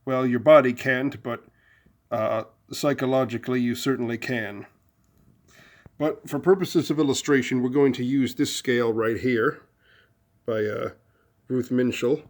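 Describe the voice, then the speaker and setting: A man's voice: mid-range voice, fairly even intonation, measured pace, pauses often. A man talking through a psychological idea and telling a story about a friend, conversational, with fillers and restarts. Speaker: video host. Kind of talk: casual explanatory talk.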